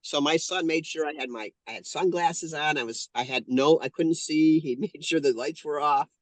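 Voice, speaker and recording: A man's voice: fairly high pitch, normal speed, no room sound. A man in his fifties, a guest telling a heartfelt personal story in an interview, earnest and often correcting himself mid-sentence. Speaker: guest, painter and channeler.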